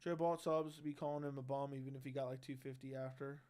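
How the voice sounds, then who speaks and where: A man's voice: medium pitch, completely flat delivery, quick pace, a little mellow. A brash young man hosting a casual livestream, reading chat and bantering loosely with slang and swearing into a studio mic. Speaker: livestream host. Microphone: studio dynamic mic.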